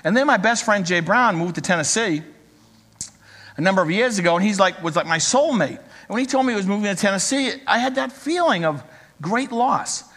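Give me a pastor in his sixties with a high voice, preaching casually in a reverberant church hall. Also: expressive, a little fast, a bit bright. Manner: conversational, joking with the congregation. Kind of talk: sermon.

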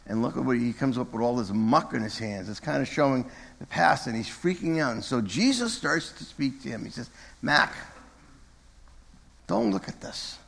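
A man's voice: medium pitch, gravelly, big-room sound. A man giving a conversational sermon from the pulpit of a church, sometimes correcting himself and speaking directly to the congregation. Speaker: pastor. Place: church sanctuary.

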